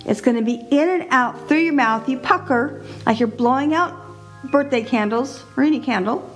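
Middle-aged woman hosting a solo podcast; chatty, animated, pitched a bit high, soft music under her. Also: normal speed. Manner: chatty, laughs often, animated. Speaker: podcast host.

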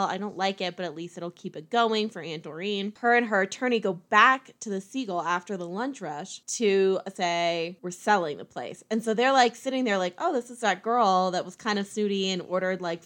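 A woman casually retelling a movie plot, chatty, with quick asides and little acted-out quotes. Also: mid-range voice, fairly bright tone. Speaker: movie recapper.

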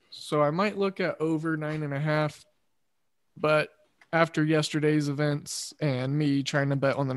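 A man hosting a laid-back chat, his voice sitting at an ordinary middle pitch. He works through his thoughts aloud with pauses and the odd filler, recorded close and dry with no room sound. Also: no echo. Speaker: podcast host. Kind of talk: casual chat.

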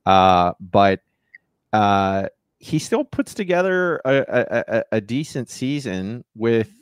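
Male co-host, lowish resonant voice, casual and halting, stammers through stats, dry close mic. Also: very animated, smooth, no echo. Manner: halting, stammers and restarts, laughs easily. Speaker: podcast co-host. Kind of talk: casual sports podcast chat.

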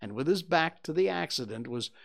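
A man reading a storybook aloud in a gently paced narration. His voice has a gravelly texture and a lively, rising-and-falling tone. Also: a little high, a little fast.

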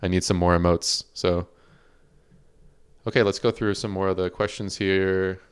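A man's voice: deep voice, little pitch movement, normal speed, clean tone. A man hosting a livestreamed podcast in casual chat, reading out viewer questions and laughing often. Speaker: podcast host.

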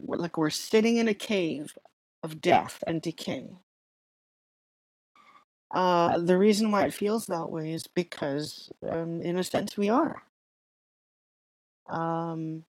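Slow-talking woman preaching. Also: lowish voice, dry recording, poor audio. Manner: conversational and storytelling, with filler words and restarts. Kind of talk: sermon.

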